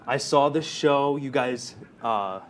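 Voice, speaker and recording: A man's voice: medium pitch, takes it slowly, slight background noise. A young man, a guest on a student campus TV show, talking in an easygoing way with some fillers. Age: young adult. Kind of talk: casual studio chat. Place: campus TV studio.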